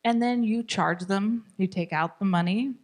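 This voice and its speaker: A woman's voice: mid-range voice, moderate pace. A woman teaching a parenting class, encouraging her students and acting out what parents and children say.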